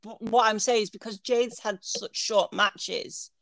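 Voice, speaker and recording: A woman's voice: medium pitch, measured pace, gravelly, no echo. A woman co-hosting a wrestling podcast, chatting casually, giggling and sometimes searching for words. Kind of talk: casual chat.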